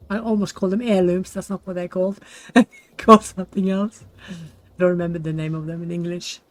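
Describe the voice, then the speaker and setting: A woman's voice: on the low side, steady tone, a little fast, dry recording, poor audio. Chatty woman gamer. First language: Norwegian. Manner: chatty and rambling, self-deprecating, laughs often. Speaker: gaming channel host. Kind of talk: casual gameplay commentary.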